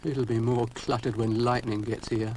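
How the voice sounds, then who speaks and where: A man's voice: mid-range voice, flat delivery, normal speed, darkish tone, close to an everyday voice. Pompous Scottish cartoon dog, lofty and indignant, put on by a man narrating, noisy tape hiss.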